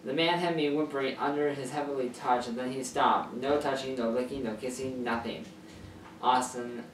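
A man's voice: medium pitch, fairly even intonation, normal speed, a little hiss or hum. Rambling man reading far from the mic. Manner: rambling, filler-heavy, self-correcting. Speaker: channel host reading a story. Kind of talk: casual reading aloud of a fan story. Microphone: camera mic far from speaker. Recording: echoey room, far from mic.

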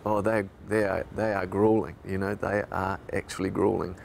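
Gravelly low New Zealand man, reflective. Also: flat delivery, normal speed, slight background noise. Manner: reflective, emotional storytelling. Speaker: radio host. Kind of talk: documentary interview recollection.

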